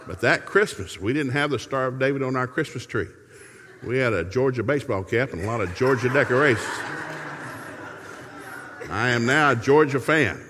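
A man's voice: medium pitch, fairly quick, a bit bright, in a large hall, a little hiss or hum. A middle-aged man preaching a humorous sermon in a folksy, joking way, telling stories from his family life.

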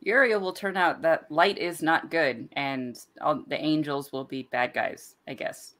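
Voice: mid-range voice, measured pace, a bit bright. A podcast co-host in casual chat, speaking hesitantly and trailing off while explaining myths.

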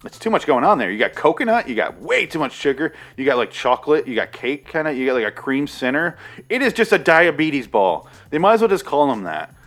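A man's voice: on the high side, big pitch swings, fairly quick, fairly bright tone, faint music behind. A man casually reviewing a movie, rambling and sarcastic, with a lot of swearing.

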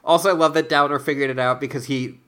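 A man co-hosting a podcast, chatting casually about a book and dropping in unhurried, enthusiastic asides. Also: mid-range voice, fairly even intonation, fairly bright tone. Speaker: podcast co-host. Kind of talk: casual book-club chat.

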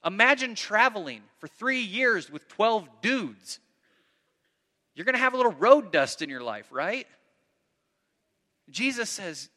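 A man preaching a sermon in an animated way, acting out the voices of the people in his story and often repeating words as he goes. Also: high voice, a little slow, long pauses. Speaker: pastor. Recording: long hall reverb.

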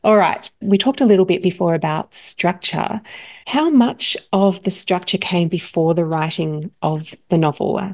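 A woman's voice: lowish voice, normal speed, a little mellow. A woman podcast host, interviewing an author with enthusiasm. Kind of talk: interview chat.

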